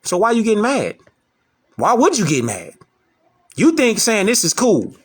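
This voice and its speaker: Man, high voice, lively swings in pitch, emphatic, preachy, rhetorical questions. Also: normal speed, breathy edge. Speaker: online lecturer. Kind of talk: preachy commentary to camera.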